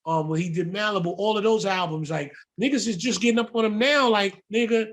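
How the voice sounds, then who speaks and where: A man from the Bronx, a music producer telling stories in a casual interview, profane, animated and full of slang. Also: sits high, brisk. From the Bronx, New York.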